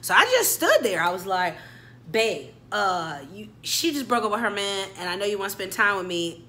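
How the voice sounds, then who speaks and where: A woman's voice: medium pitch, moderate pace, fairly bright tone, a little hiss or hum. A young adult woman, telling a dramatic story and acting out every character. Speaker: storyteller vlogger. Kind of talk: storytime vlog.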